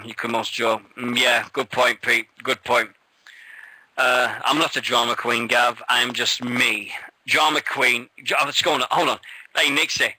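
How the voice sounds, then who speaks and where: A man's voice: medium pitch, sharp tone, dry recording, poor audio. A man with an English accent hosting a casual wrestling radio show, blunt and full of swearing. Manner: blunt and sweary, laughs often. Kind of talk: casual chat.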